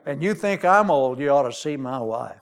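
A man's voice: mid-range voice, expressive, moderate pace, background noise, voice pushed down, lightly acted. A man playing a very old priest, wry and disbelieving. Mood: incredulous. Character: very old startled male priest.

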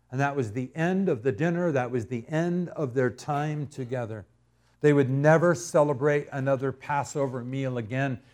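A male pastor delivering a sermon, slow and emphatic, repeating key words for dramatic effect. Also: medium pitch, darkish tone.

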